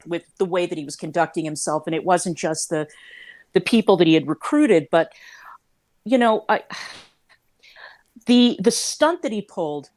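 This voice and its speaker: Woman guest commentator, lower voice, measured and emphatic, talks through restarts. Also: darkish tone. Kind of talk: casual livestream chat.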